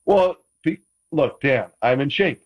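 A man with a husky, slightly breathy voice talks as a guest on a chat show. He rambles and restarts his sentences often, and he teases the host in a playful way. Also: mid-range voice, expressive, a little slow, dull audio. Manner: rambling, self-interrupting, playfully teasing. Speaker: guest, former quarterback. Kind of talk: casual chat.

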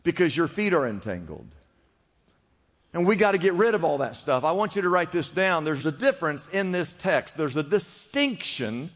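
A man preaching a sermon to a congregation, calling out to the crowd and swinging between loud emphasis and quiet drops. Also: fairly high pitch. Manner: preaching with call-and-response, rising and dropping emphasis. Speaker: pastor. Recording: long reverb of a large hall.

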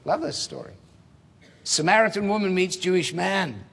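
A man preaching an expository sermon, measured and emphatic, posing rhetorical questions. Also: high-pitched, expressive, vocal fry, a bit bright. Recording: reverberant hall.

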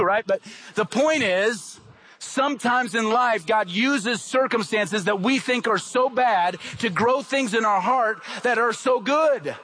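High-voiced man preaching a sermon. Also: slow, bright, forceful tone. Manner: emphatic, repetitive, rhetorical questions. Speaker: pastor.

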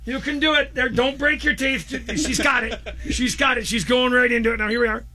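Man, show host, very high voice, excitable joking chat. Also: fairly quick, noisy background. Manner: excitable, joking, play-by-play of others. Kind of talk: casual chat.

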